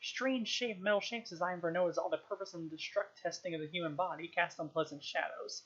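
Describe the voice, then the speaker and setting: A woman's voice: on the low side, fairly quick, a bit bright, slightly rough. Woman reading a novel aloud, muffled. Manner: unpolished reading with restarts and chuckles. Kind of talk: live-streamed book reading.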